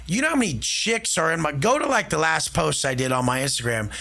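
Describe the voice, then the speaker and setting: Brash, swearing man with a gravelly voice. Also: a little high, big pitch swings, brisk, pushed and bright. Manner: brash, profane, swaggering. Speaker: podcast guest. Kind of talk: boastful casual talk.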